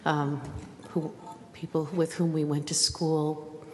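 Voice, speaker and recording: Deep-voiced woman speaking hesitantly at a reading. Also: little pitch movement, slow pace, darkish tone. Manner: hesitant, thoughtful speech with fillers. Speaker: poet giving a reading. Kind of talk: remarks before a poetry reading. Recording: reverberant hall with faint noise.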